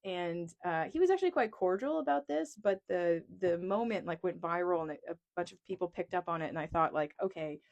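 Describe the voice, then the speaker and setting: A woman's voice: lowish voice, animated, brisk, hardly any pauses, a little mellow, muffled recording. Chatty, frank woman economist from East Texas. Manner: chatty, self-deprecating, frank. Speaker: economist and video creator. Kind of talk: casual talk to camera. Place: small closet. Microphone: lapel mic clipped on a pencil.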